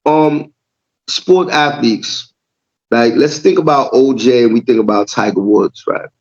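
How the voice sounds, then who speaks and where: A man's voice: mid-range voice, unhurried, dull audio. A man from Jamaica co-hosting a casual podcast, making his points with repeated words and frequent "right?" checks. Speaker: podcast co-host.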